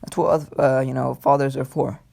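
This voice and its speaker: A man's voice: medium pitch, flat delivery, moderate pace, gravelly, a little mellow. A man voicing a stern adult clan father in a casual retelling of an anime story, firm and rambling.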